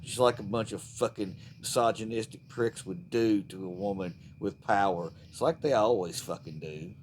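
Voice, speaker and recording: A man's voice: lowish voice, a little hiss or hum. A man delivering a profane, fired-up, rambling political rant to the camera. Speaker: vlogger.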